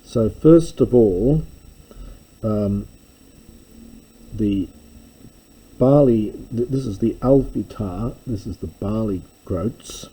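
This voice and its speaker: A man reads through an old text and explains it line by line, in a slow, unhurried way. His voice is low and dark. He has a slightly husky edge and often stops mid-thought to correct himself. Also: rough recording. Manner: measured, self-correcting, thinking aloud. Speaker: classics lecturer.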